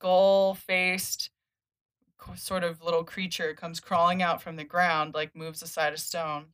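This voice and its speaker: Woman retelling a comic on a podcast, kinda low voice, lots of likes and laughs. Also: a little slow. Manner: animated retelling, acts out characters' lines with laughs. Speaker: podcast host. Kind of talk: casual comic recap chat.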